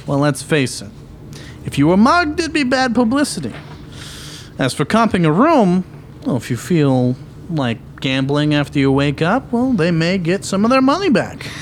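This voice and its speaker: A man's voice: high voice, big pitch swings, normal speed, a little hiss or hum. A man playing a wisecracking private eye. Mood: wry. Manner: dry, wisecracking. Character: wry male private eye, dry wit. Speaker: narrator. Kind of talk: hardboiled detective narration.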